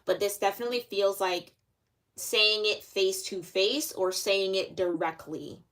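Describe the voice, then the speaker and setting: A woman's voice: mid-range voice, fairly even intonation, measured pace, a bit bright. A young woman giving a casual, rambling tarot reading, talking loosely with lots of fillers. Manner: chatty, filler-heavy, loose and conversational. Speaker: tarot reader.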